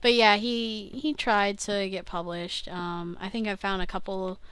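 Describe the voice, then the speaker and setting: Brief: young woman, slow unhurried talker, smooth clear voice, self-interrupting video-diary chatter. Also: mid-range voice, fairly even intonation, a bit bright, no room sound. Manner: rambling, self-interrupting, laughs at herself, swears casually. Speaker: vlogger. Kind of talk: casual rambling video diary.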